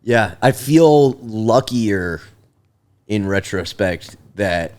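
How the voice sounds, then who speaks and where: A man guesting on a podcast in casual chat, laid-back and quick to laugh. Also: fairly low pitch, animated. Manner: laid-back, laughs often, drops into put-on voices.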